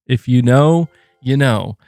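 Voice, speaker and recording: A man hosting a casual gaming live stream, reading and answering super chats in a chatty, animated way with frequent fillers. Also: medium pitch, slow pace, dry recording, studio quality. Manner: chatty and animated, thanks donors, frequent fillers and self-corrections. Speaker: gaming channel host.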